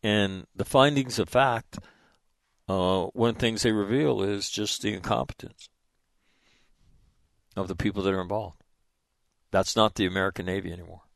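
A man's voice: fairly low pitch, steady tone, moderate pace, gravelly, pauses often, dry recording, studio quality. A man in his sixties, a former Marine officer, telling a war story in a rambling, profane way with frequent "right?" asides. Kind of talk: casual storytelling.

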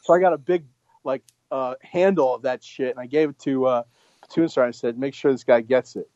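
A man's voice: medium pitch, brisk, mellow, dry recording, lo-fi sound. A former Marine officer, a man, telling a blunt, profane story in casual conversation.

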